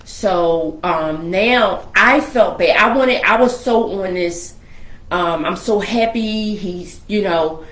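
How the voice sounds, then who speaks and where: A woman telling a personal family story in casual conversation, animated and acting out the voices she quotes. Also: medium pitch, slow, echoey room. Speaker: guest sharing a family story.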